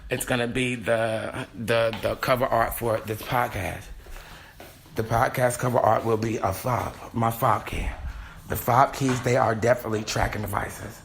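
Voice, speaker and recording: A man hosting a solo podcast from home, talking in an excitable, scattered and heated way. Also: medium pitch, moderate pace, creaky, slight background noise. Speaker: podcast host. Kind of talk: rambling solo podcast monologue.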